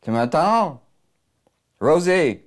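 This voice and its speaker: A man's voice: a little high, big pitch swings, slow pace, pitched above the performer's own voice. A man putting on a soldier, urgent. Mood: urgent, caring. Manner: mixes French and English, urgent pleading. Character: young French-Canadian male soldier, urgent and caring.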